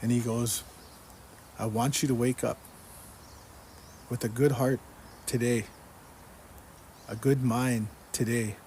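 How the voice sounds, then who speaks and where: Earnest man with a mellow voice. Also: mid-range voice, fairly even intonation, takes it slowly, long pauses, a little hiss or hum. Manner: earnest, repetitive, quotes the speaker in the dream again and again. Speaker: person giving a religious testimony. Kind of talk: personal testimony retelling a dream.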